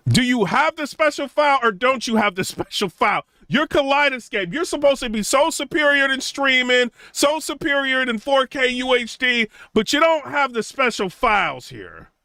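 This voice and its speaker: Animated young man telling a story. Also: normal speed, hardly any pauses, no echo. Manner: conversational, many fillers like "you know" and "right?"; acts out quotes of others in a raised, mocking pitch. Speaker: tech channel host.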